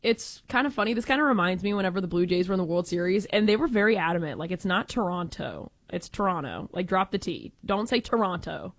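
A woman from Texas co-hosting a sports talk show, animated and emphatic, with playful jokes. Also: mid-range voice, fast talker, hardly any pauses. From Texas, United States. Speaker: sports radio co-host.

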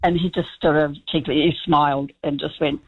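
Husky Kiwi woman telling a story. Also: sits low, a little fast, phone-quality sound. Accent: New Zealand. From New Zealand. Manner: lively storyteller, laughing. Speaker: caller. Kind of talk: phone-in anecdote.

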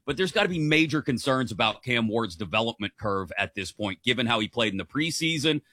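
A man's voice: mid-range voice, animated, fairly quick, sharp tone, no room sound, clean studio sound. A man hosting a sports talk show, thoughtful and analytical. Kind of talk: casual sports chat.

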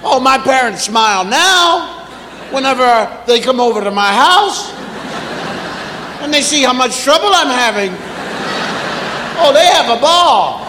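A man performing a stand-up comedy routine, animated and repetitive as he mimics exasperated parents. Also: very high-pitched, a little slow, long pauses, a little hiss or hum. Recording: echoey theater with long reverb.

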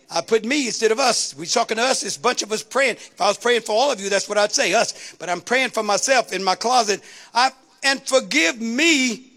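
A woman's voice: a little high, a bit bright. A woman preacher delivering a sermon in a rhythmic call-and-response style, building to rising exclamations.

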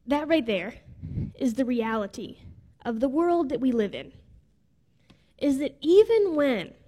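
A woman's voice: high-pitched, big pitch swings, unhurried, mellow. A woman preacher telling a personal story in a sermon, in a heartfelt way. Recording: long reverb of a large hall.

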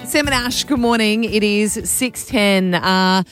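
A woman's voice: medium pitch, measured pace, fairly bright tone, clear, resonant tone, faint music behind. A woman co-hosting breakfast radio, upbeat and steering the banter. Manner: upbeat, directs the bit, laughs. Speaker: radio co-host.

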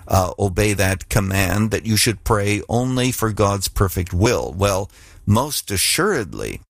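A man's voice: on the low side, vocal fry, no echo, clean studio sound. A man, a pastor who hosts a radio ministry, speaking to listeners in a direct, conversational way and answering their questions about faith.

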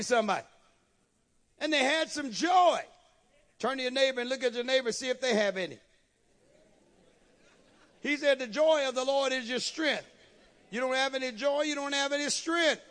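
High-voiced shouting preacher man. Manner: call-and-response preaching, rising to shouts. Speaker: pastor. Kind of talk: sermon.

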